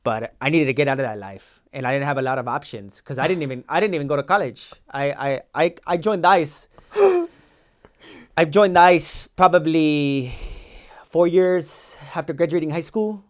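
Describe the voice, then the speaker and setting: A man's voice: fairly high pitch, expressive, moderate pace, close to an everyday voice. A man in his twenties playing a defensive, boastful young Mexican-American immigration agent with a Los Angeles valley accent, talking in a rambling, slangy way in an improvised comedy sketch. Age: 20s. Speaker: podcast co-host.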